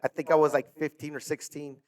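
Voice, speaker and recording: A man's voice: fairly high pitch, level tone, fast, a little mellow. Rambling storytelling man. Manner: rambling, lots of "you know" and "man". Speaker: coach. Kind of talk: casual storytelling.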